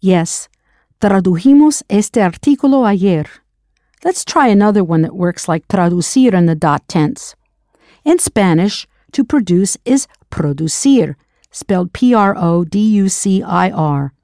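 A woman's voice: medium pitch, expressive, measured pace, mellow, no room sound, studio quality. A woman teaching a recorded language lesson, spelling words out letter by letter and asking the listener to answer. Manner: spells words letter by letter, then prompts the learner.

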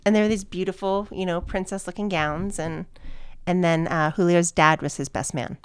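A middle-aged woman telling a personal story in casual chat, chatty and warm, laughing often. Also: lowish voice, steady tone, normal speed. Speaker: guest.

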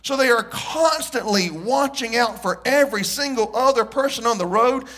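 A man's voice: very high voice, normal speed. A man preaching a sermon to his congregation, joking and telling stories as he goes. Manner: animated, joking storyteller with the congregation. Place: church.

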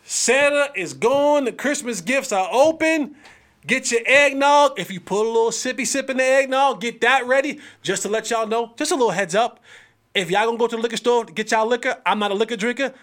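Male sports podcast host, high-pitched, casual trash talk, big drawn-out exclamations. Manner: animated, trash-talking, slangy.

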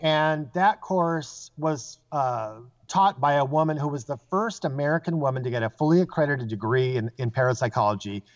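A man's voice: a little high, moderate pace, hardly any pauses. Guy telling ghost stories on a show, does the voices, kinda muffled lo-fi audio. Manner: animated storyteller, acts out quoted voices. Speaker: psychic guest. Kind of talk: casual storytelling. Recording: dull lo-fi sound.

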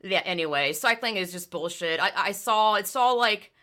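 A woman with a bright, forceful voice tells stories with real heat. She swings from loose chat into loud, cursing outbursts, and her pitch sits in the middle of the range. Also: normal speed. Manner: animated storytelling with loud, profane outbursts. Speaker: former amateur cyclist. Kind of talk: casual podcast chat.

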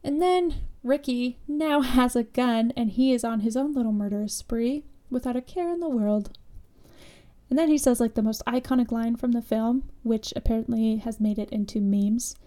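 A woman's voice: on the high side, normal speed, warm tone. A woman co-hosting a podcast, casually and sarcastically recapping a horror movie with lots of fillers. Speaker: podcast co-host.

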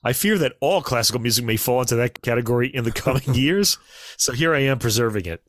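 A man co-hosting a casual podcast, chatting about classical recordings in a relaxed way with fillers and asides. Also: mid-range voice, fast, no room sound, clean studio sound. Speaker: podcast co-host.

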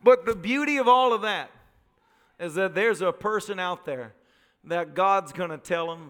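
A man preaching a sermon as pastor, animated and joking, full of rhetorical questions. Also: sits high, measured pace. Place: church sanctuary. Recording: live church recording with long reverb.

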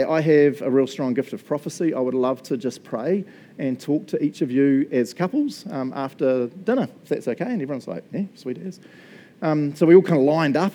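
A man's voice: mid-range voice, dark tone. A middle-aged man with a New Zealand accent, preaching a sermon and telling a self-mocking personal story. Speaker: pastor.

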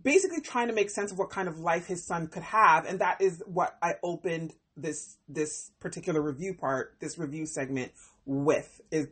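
A woman hosting a podcast that reviews a TV series, talking casually in an animated, expressive way, often exclaiming and laughing. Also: lowish voice, slightly rough.

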